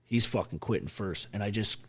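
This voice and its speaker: His voice is lowish with a breathy edge, and he speaks fairly quickly. The Ontario army veteran is a podcast guest telling his story in a casual interview, and he stays blunt and emphatic, swearing all the time.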